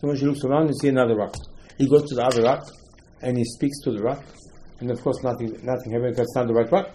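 A man's voice: mid-range voice, steady tone, fast talker, mellow, slight background noise, rough recording. A man, an English speaker, teaching a Torah lesson as a story, with rhetorical questions and voices for the figures he quotes.

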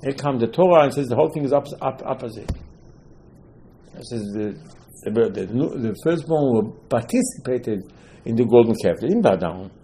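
A man's voice: mid-range voice, expressive, normal speed, dark tone, slight background noise, poor audio. A man teaching a Torah lesson as a sermon, telling the stories with animation and acting out the dialogue in loose, non-native English full of Hebrew terms. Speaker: religious teacher.

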